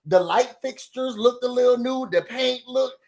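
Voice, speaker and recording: High-voiced guy gossiping thru a reality show recap, laughing a lot, talks to y'all. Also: moderate pace. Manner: animated, laughing, chatty, addresses viewers as y'all. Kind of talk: casual gossip recap commentary.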